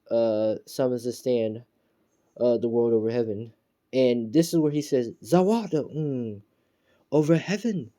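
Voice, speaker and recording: Man, casual fan storyteller; mellow, darker tone; rambling delivery with fillers and chuckles. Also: medium pitch.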